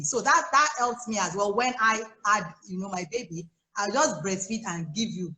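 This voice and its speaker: Woman, Nigerian English accent, life coach, chatty advice, bright forceful voice, roomy video call audio. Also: medium pitch, normal speed. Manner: animated and chatty, with frequent laughs and asides. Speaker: guest life coach for mothers. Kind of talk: casual advice on a live chat. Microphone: phone or laptop on a video call.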